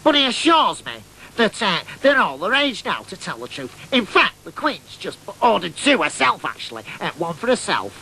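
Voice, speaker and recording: A man playing an excitable boyish oddball, telling a comic tall tale in a nasal, chatty way. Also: sits high, moderate pace, a little hiss or hum, heavily acted, rough recording. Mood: fibbing. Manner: nasal, chatty, keeps asking "right?". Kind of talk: comic monologue storytelling.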